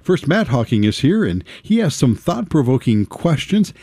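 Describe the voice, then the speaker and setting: A man's voice: mid-range voice, big pitch swings, normal speed, warm tone, dry recording. A man hosting a religious radio program, wrapping up a segment and introducing the next guest. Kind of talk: broadcast program wrap-up.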